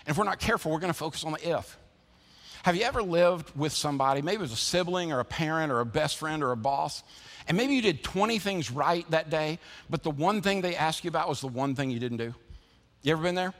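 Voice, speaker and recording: A man's voice: fairly high pitch, fast, a bit bright. A man preaching a sermon in a church, drawing in his listeners with rhetorical questions and call-and-response. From American South. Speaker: pastor. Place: church building. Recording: church sanctuary with long reverb.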